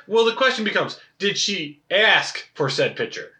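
A frank podcast co-host, a man with a high, lively, very bright voice that jumps around in pitch. He answers with quick reactions and interjections, and the sound carries an echoey room. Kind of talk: casual podcast chat.

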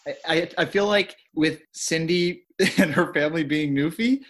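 A man's voice: fairly high pitch, moderate pace, a bit bright. A man co-hosting a casual podcast, easygoing and hedging, laughing often. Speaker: podcast co-host. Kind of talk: casual chat.

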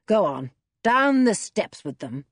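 A woman's voice: medium pitch, big pitch swings, takes it slowly, dry recording, studio quality. A woman voicing a menacing male villain who gives curt, threatening orders.

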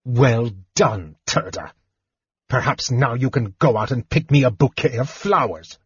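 Guy voicing a bossy warlord, barks orders, husky voice, slow, dull recording. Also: mid-range voice, animated, no room sound. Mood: mocking. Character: commanding, mocking male warlord in a helm.

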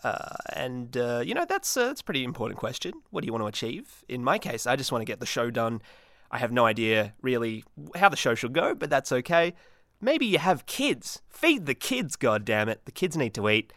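A man hosts his own solo podcast in a manic, rambling voice that is bright and forceful. He leaps up and down in pitch, trips over his words and drops dark jokes deadpan. The sound is dry and close. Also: fairly quick, no echo. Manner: manic, self-mocking, many restarts. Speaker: podcast host.

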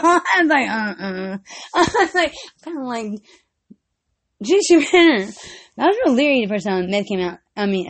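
A woman's voice: high voice, fairly bright tone. A woman vlogger telling rambling, casual stories, swearing freely and breaking into frequent giggles.

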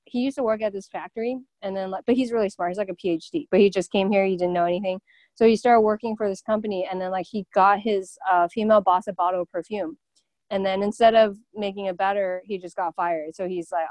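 A woman hosting a casual chat, blunt and quick to swear, filling her speech with "like". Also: medium pitch, darkish tone, dry recording. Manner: blunt, swears freely, lots of "like".

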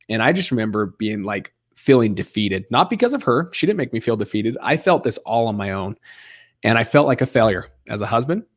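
A man in his thirties, an interview guest who tells his story in a lively way and acts out the other voices. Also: fairly low pitch. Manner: animated storyteller acting out dialogue. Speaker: guest, real estate investor.

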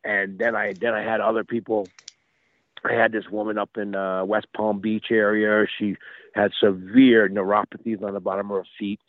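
A man telling stories as a guest over the phone. He talks in a lively, casual way, repeats words and acts out quotes. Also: fairly low pitch, moderate pace, dry recording. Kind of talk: casual storytelling. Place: outdoors by a street. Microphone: phone call. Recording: tinny phone line, dry.

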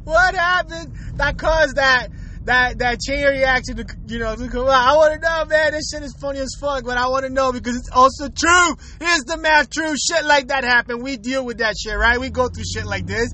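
A man's voice: extremely high pitch, moderate pace, sharp tone, a little hiss or hum, low-quality recording. A young man in a crude, rambling casual rant to his viewers, full of slang and frequent chuckles. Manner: slangy street talk. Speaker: vlogger.

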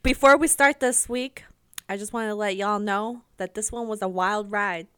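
A woman's voice: mid-range voice, fairly even intonation, moderate pace, sharp tone, clear, resonant tone, no room sound, clean studio sound. A woman co-hosting a casual podcast, laid-back and blunt, swearing casually. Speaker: podcast co-host. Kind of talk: casual chat.

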